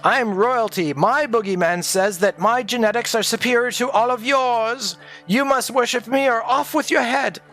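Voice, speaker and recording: A man's voice: extremely high pitch, moderate pace, voice pushed up. A pompous zealot who calls himself royalty sneers at everyone else's god in a voice pushed well above the speaker's own, as a man puts him on. He sounds haughty and scornful, and faint music plays underneath. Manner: haughty, scornful, shouting down rivals.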